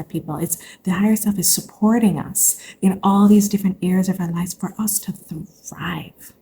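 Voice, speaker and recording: Earnest woman with a mellow, dark voice. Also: fairly low pitch, slight background noise. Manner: earnest, preachy, addresses listeners as y'all. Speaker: spiritual podcast host. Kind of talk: heartfelt spiritual talk.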